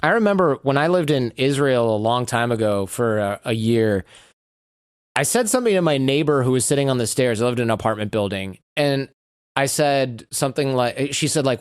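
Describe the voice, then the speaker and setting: A man's voice: mid-range voice, fairly quick, clear, resonant tone, no room sound, clean studio sound. A man, a guest on a podcast, telling stories in casual conversation and acting out the lines of people he quotes. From United States. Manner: animated storyteller who acts out quoted lines.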